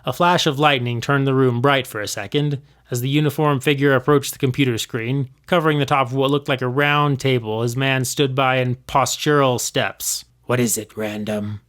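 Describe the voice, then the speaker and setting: A man's voice: medium pitch, steady tone, moderate pace, hardly any pauses, a bit bright, clean tone. A man reading his own old fanfiction aloud, expressively, acting out the voices.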